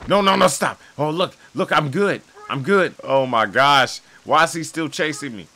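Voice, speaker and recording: A young man giving sarcastic, jokey commentary while playing a game, often yelling at it. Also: a little high, normal speed. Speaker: gaming YouTuber. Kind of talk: casual gameplay commentary.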